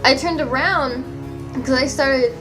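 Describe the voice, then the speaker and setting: Woman vlogging, high voice, animated and kinda incredulous, swears a lot, faint music behind. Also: slow. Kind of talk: casual storytelling to camera.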